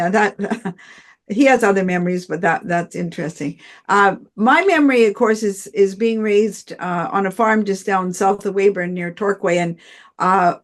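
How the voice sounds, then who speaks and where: A woman in a church study group, telling a story in a rambling way over a video call. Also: mid-range voice.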